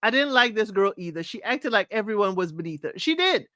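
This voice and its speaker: A woman hosting a live reality-show recap, sassy and animated, laughing often and mimicking the cast. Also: mid-range voice, fairly quick, no room sound. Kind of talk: live recap chat to viewers.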